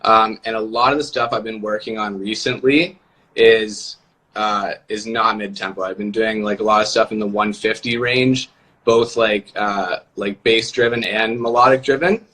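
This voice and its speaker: Bright-voiced man on a video call. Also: fairly low pitch, moderate pace. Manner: relaxed, many "like" fillers. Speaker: music producer guest. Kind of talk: casual live-stream chat.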